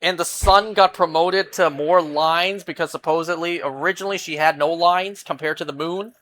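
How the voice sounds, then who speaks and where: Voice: medium pitch, steady tone, moderate pace, fairly bright tone. A streamer chatting casually during a live game, rambling and reacting with disbelief to what chat says.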